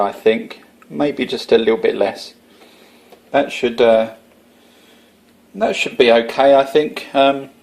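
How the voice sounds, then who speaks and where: A man's voice: on the low side, darkish tone. A man with an Essex accent chatting casually to camera about his homebrew, rambling and self-deprecating. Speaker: homebrew vlogger.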